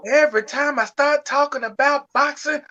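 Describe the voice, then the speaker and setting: A man's voice: very high voice, moderate pace, lo-fi sound, crowd noise. A man voicing an opinionated older barbershop man who lectures boastfully about boxing. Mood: lecturing.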